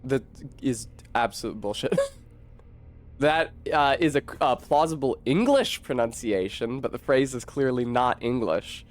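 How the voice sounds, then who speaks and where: A man's voice: medium pitch, measured pace. A young man streaming a game, chatting casually, swearing and correcting himself as he rambles. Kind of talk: casual gameplay commentary.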